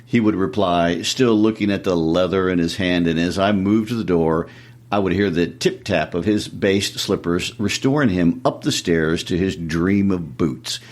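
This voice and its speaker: A man with a deep voice co-hosts a literature podcast. He chats in a relaxed, casual way and reads passages of a story aloud. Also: moderate pace. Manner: relaxed and conversational. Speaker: podcast co-host. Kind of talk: casual discussion and reading narration aloud.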